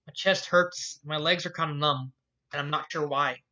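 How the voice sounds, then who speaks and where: A reader voicing a shy, bookish young woman who talks hesitantly and haltingly, in a fan fiction read aloud. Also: mid-range voice, fairly even intonation, sharp tone, close to an everyday voice. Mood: hurting. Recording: dull lo-fi recording.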